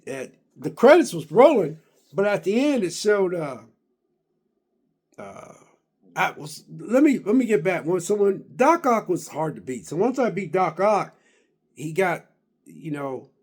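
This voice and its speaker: A man's voice: sits high, a little slow, pauses often, slightly rough. A man casually recapping a video game he finished, rambling with lots of fillers and restarts. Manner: excited and emphatic about finishing. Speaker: gaming vlogger.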